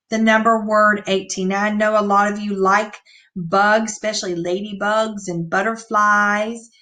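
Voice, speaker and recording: A woman teacher giving an online reading lesson to young children, reading sentences aloud slowly and patiently. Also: medium pitch, sharp tone. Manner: slow, clear, patient read-aloud.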